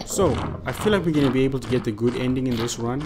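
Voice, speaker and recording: A man's voice: medium pitch, very fast, noisy background. A man from Africa, giving playful, jokey let's-play commentary and talking back to game characters. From South Africa. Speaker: gaming YouTuber. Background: loud game music.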